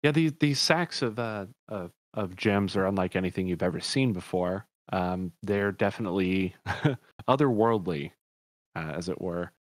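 A man's voice: low-pitched, lively intonation, normal speed, no room sound. A man narrating a tabletop game as dungeon master, rambling and correcting himself as he describes things.

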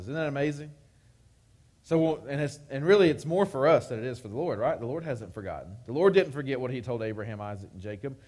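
A man's voice: fairly high pitch, darkish tone. A man preaching a live-streamed sermon, talking conversationally and often checking in with "right?". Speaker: pastor.

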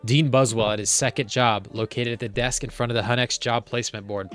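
A man's voice: steady tone, brisk, hardly any pauses, clear, resonant tone. A man reading a film script aloud for comedy, doing all the character voices himself and adding dry asides. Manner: jumps into high, loud voices for the characters, then back to dry asides.

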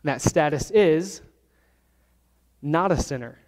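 A man preaching a sermon as pastor, teaching verse by verse and slowing down to stress key words. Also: fairly high pitch, darkish tone. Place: church sanctuary. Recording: long hall reverb.

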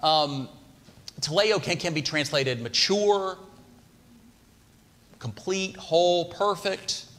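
A man's voice: a little high, slow pace, long pauses, fairly bright tone. Conversational male preacher, reverberant hall. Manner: conversational, asks the congregation questions. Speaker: pastor. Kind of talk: sermon. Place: church sanctuary.

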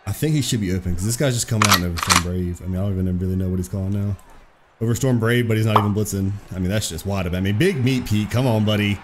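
A young man giving excitable, profane live commentary over his own football video game match, trash-talking his opponent. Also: fairly low pitch, rapid-fire, background noise. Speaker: gaming streamer.

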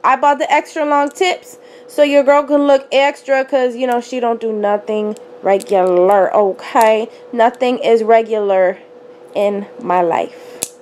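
A young jewelry vlogger, hoarse from a cold, chats sassily and playfully to her phone camera in a small room at home, calling her viewers honey and y'all. Her voice is a little high, darkish, fairly even, and a little slow. The echoey room carries faint ambience and slight background noise.

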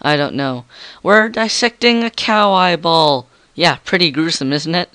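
Teen boy, game commentary, goofy rambling, higher voice, clear and dry. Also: measured pace, sharp tone, no echo. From Canada. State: frog in throat. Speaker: gamer. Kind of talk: gameplay commentary.

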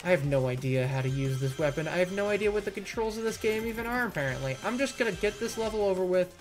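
A man's voice: sits high, expressive, fast. A man giving let's-play commentary, sarcastic and critical as he rants about the game he is playing. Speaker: gaming YouTuber. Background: faint game music.

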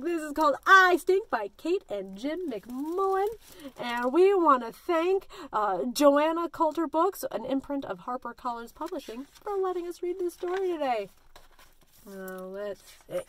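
A woman children's librarian leading a story time, talking in an animated, sing-song way and coaxing the children to join in. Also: sits high, measured pace, no room sound.

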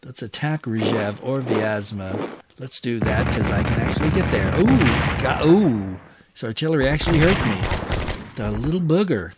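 Speaking at normal speed with lively intonation, this mid-range-voiced man hosts a gaming channel let's-play of a strategy wargame. He talks through his moves and erupts in cheers whenever an attack works out. The recording is very noisy, full of loud artillery and gunfire from the battle.

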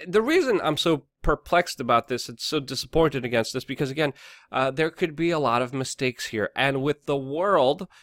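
A man's voice: medium pitch, fairly bright tone, no room sound, studio quality. A man giving heated, opinionated news commentary, ranting with many fillers and restarts. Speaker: political commentary host.

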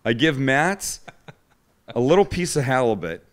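A man's voice: mid-range voice, very animated, unhurried. A man hosting a cooking show, telling stories in casual chat and poking fun at his friends. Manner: joking storyteller, does voices of others.

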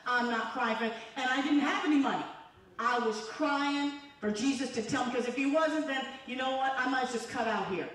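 Heard from a distance in an echoey church hall, a woman evangelist delivers a fervent, conversational sermon in the sanctuary, pulling the congregation into call-and-response. She has a high, slightly bright voice and keeps a moderate pace.

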